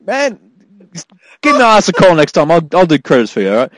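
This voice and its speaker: A man's voice: a little high, huge pitch swings, fairly quick, a crowd in the background, rough recording. A man co-hosting a casual podcast, swearing a lot and laughing through mock-outraged rants. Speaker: podcast co-host. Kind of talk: casual chat.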